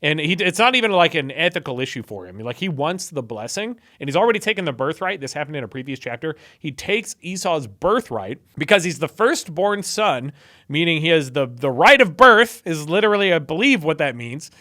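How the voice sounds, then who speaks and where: A young man retells a story for laughs in a casual, irreverent tone and keeps dropping "like" as a filler. His voice is bright and forceful and sits a little high for a man. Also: sing-song, brisk. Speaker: online video host.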